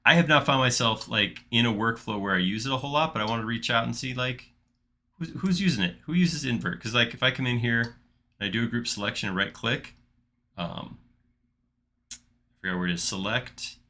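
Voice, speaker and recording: A man hosting a live software modeling stream, thinking aloud in casual chat as he works. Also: medium pitch, brisk. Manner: chatty, thinks aloud with restarts while clicking. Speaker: livestream host modeling in software.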